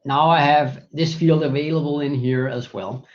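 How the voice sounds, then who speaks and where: A man with a slightly high voice walks through a software product demo step by step, pausing often to find his words. The webinar audio sounds dull and lo-fi. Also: fairly even intonation, slight background noise. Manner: many fillers and restarts, methodical walkthrough. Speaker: software presenter. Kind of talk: screen-share product demo.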